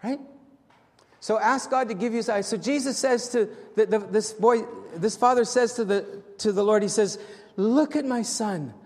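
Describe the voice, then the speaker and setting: A man preaching a sermon as pastor, animated and swinging from loud appeals to hushed prayer, often restarting and repeating his words. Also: high-pitched, normal speed, in a large hall.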